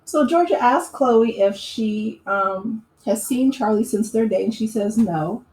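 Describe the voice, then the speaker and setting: A woman's voice: fairly high pitch, expressive, unhurried, a little mellow. A woman chatting through an opinionated casual recap, full of "you know" and "um". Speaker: YouTube recap host. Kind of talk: casual reality-TV recap commentary. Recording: echoey room with faint background noise.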